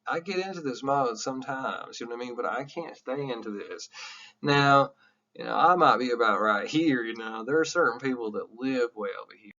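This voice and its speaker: Animated male psychology instructor lecturing. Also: mid-range voice, a little fast, muffled recording. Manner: animated, candid, jokey digressions with swearing. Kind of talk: recorded classroom lecture.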